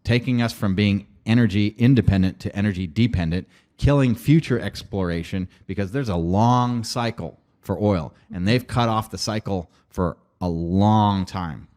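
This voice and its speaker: Man, podcast host, lowish voice, emphatic, alarmed, repeats warnings. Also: normal speed, hardly any pauses, a little mellow. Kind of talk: reaction commentary.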